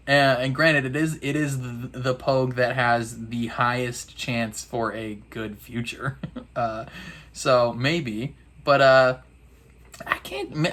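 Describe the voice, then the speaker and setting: Male reaction host: slow, laid-back recap full of laughs and slang. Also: medium pitch, fairly bright tone. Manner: laughs often, loose slangy storytelling with fillers. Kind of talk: casual episode recap.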